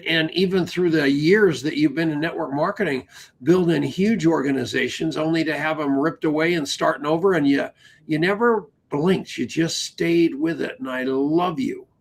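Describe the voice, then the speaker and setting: A man with a slightly higher pitch than most hosts a casual podcast conversation. His voice is husky and gravelly. He tells stories with enthusiasm and acts out other people's lines as he goes. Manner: storytelling, acts out quoted dialogue. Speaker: podcast host.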